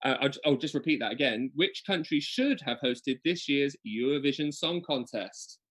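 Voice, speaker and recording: A man co-hosting an online quiz in a playful, chatty way, reading the questions slowly. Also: medium pitch, expressive, a bit bright. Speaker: quiz co-host.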